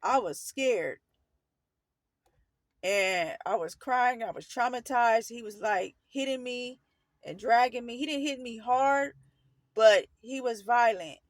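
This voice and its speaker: Here the vlogger speaks slowly in a fairly high voice, and there's no room sound. Her earnest, casual retelling of a painful story wanders and is full of self-corrections.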